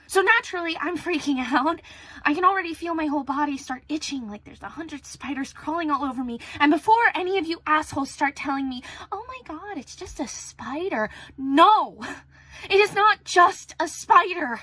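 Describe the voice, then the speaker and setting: A woman's voice: high voice, expressive, moderate pace, bright, forceful tone, dry recording. A woman playing frazzled, swearing lockdown loner. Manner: frazzled, swearing, venting, drops to near whispers. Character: young woman alone in lockdown, spider-terrified. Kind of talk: stage monologue.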